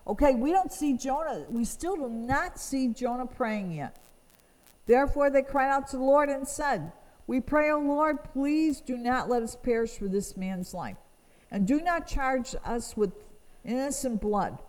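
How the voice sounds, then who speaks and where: A woman's voice: high voice, animated, a little slow, a little mellow, big-room sound, low-quality recording. A woman teaching from the Bible, reading verses aloud and explaining them earnestly. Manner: reads scripture aloud, then explains it earnestly.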